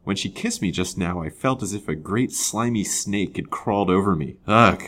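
A man's voice: sits low, animated, moderate pace. Man voicing a bratty feverish young woman, sarcastic and vehement, for a storybook reading. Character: spoiled feverish young woman invalid, petulant.

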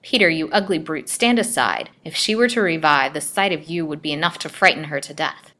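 A woman voicing a gruff, grim old witch who keeps a girl captive, speaking curtly and with menace. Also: sits low, animated, brisk, pushed and bright. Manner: curt and menacing.

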